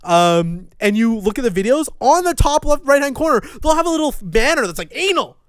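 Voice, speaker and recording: A young man co-hosting a crude podcast chat, rambling and swearing, with sudden loud outbursts and trailing mumbles. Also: very high-pitched, big pitch swings, brisk, clear, resonant tone, no room sound. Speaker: podcast co-host. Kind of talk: crude casual podcast banter.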